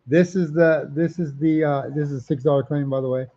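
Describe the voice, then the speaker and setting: A man's voice: on the high side, steady tone, a little fast, mellow, muffled recording. A man hosting a live comic auction stream, chatting casually, repeating prices and titles and reading out viewer comments.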